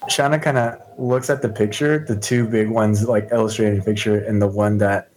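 A man's voice: on the low side, fairly even intonation, moderate pace, a little mellow, slight background noise, rough recording. A man playing a tabletop game, describing his character's actions hesitantly with many fillers. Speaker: player.

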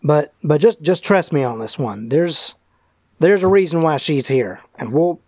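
A man's voice: on the high side, expressive, darkish tone, no echo, studio quality. A man voicing an earnest male doctor who leads an occult investigation, speaking in a put-on accent and often restarting his sentences. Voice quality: halting, restarts mid-sentence.

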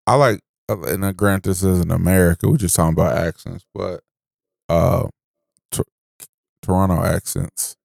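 Blunt gravelly man on a podcast. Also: low voice, flat delivery, moderate pace, darkish tone, no echo, clean studio sound. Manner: blunt, profane, joking. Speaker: podcast co-host. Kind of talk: casual chat.

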